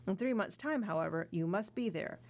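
A woman's voice: medium pitch, animated, fairly quick. A woman reading the part of a kindly middle-aged male ship owner in an audiobook, in a fatherly, encouraging manner.

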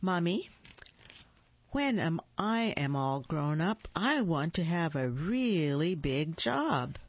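A woman's voice: low voice, very animated, slow, full character voice. A woman voicing an insistent, whiny little girl talking to her mother. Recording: dull lo-fi recording.

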